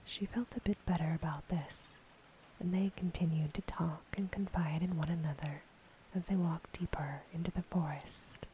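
A woman reading a fairy tale aloud in a soft, unvoiced whisper, as a bedtime story. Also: low voice, steady tone, normal speed, a little hiss or hum, rough recording.

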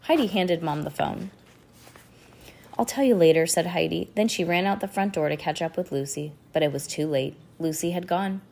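A woman's voice: lowish voice, brisk, creaky, hardly any pauses, darkish tone. A woman who is a little sick reading a children's chapter book aloud and chatting about the story between passages. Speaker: reader.

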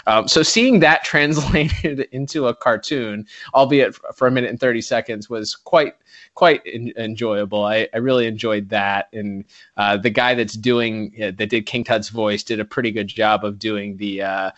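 A man's voice: fairly low pitch, fairly even intonation, normal speed, fairly bright tone, no room sound. A man co-hosting a podcast in casual chat, rambling and correcting himself with frequent chuckles. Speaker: podcast co-host. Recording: dull lo-fi podcast mic.

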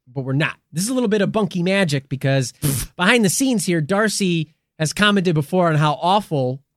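A man hosting a comedy podcast, rambling deadpan with lots of fillers. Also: high-pitched, fairly quick, no echo, studio quality. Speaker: podcast host. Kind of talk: casual comedic chat.

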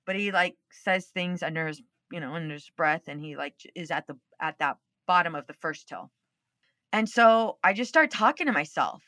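A woman's voice: on the low side, expressive, moderate pace, sharp tone, dry recording, clean studio sound. A woman hosting a podcast, telling a personal story in a casual, candid way and swearing freely. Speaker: podcast host.

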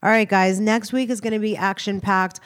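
A woman's voice: mid-range voice, fairly even intonation, a little fast, clean tone. A woman co-host chatting at length on a podcast, talking in a loose, rambling way with plenty of enthusiasm. A head cold leaves her voice stuffy and nasal. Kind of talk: casual chat.

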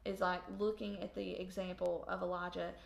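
A woman's voice: on the low side, flat delivery, a little fast, gravelly. A woman co-hosting a faith podcast, reflective and encouraging, asking rhetorical questions. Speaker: podcast co-host. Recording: echoey room, faint background noise.

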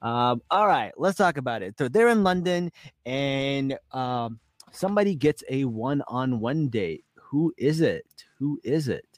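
A man's voice: medium pitch, expressive, unhurried, no echo. A man co-hosting a podcast, chatting casually and upbeat about a reality show, often repeating words and laughing along. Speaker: podcast co-host.

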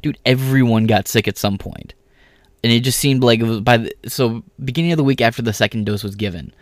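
A young man in a casual, profane monologue, ranting heatedly and getting louder as he vents. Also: mid-range voice, fairly quick, dry recording. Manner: profane, heated, animated rant. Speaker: commentator.

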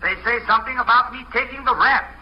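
A chuckling upper-crust English phony, high voice, muffled old radio recording with hiss. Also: male voice, quick pace. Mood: breezy. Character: pompous shabby Englishman posing as gentry. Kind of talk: 1940s radio acting.

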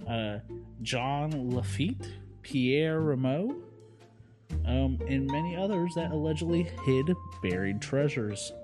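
Over background music, a man with a medium-pitched voice co-hosts a podcast, speaking slowly. The chat is casual and rambling, full of jokes and fillers.

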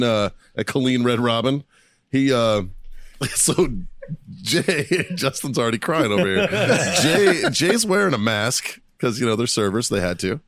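A man's voice: mid-range voice, a bit bright, no echo. Swearing, laughing podcast host man. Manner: laughing storyteller, swears constantly. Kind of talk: casual chat.

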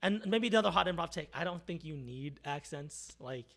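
A man's voice: a little high, expressive, a little fast, vocal fry, over a noisy crowd. A young man hosting a podcast, chatting casually and making self-mocking jokes. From Southern California. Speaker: podcast host. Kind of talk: casual chat.

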